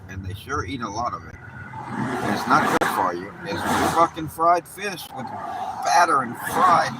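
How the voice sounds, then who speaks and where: A man chatting casually and profanely while he drives, rambling and joking. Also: mid-range voice. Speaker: livestream host. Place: in a car, then a park. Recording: distant mic with loud road noise.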